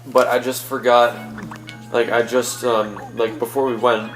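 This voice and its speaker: A man's voice: mid-range voice, flat delivery, a little slow, faint music behind, rough recording. A young man hosting a let's-play, chatting casually and rambling through a story with many fillers. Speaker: gaming channel host.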